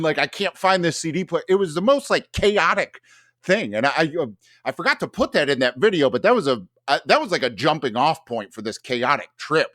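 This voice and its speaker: A man's voice: a little high, fairly bright tone, dry recording, clean studio sound. A man telling a long story in casual podcast chat, rambling with many fillers and restarts. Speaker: podcast host.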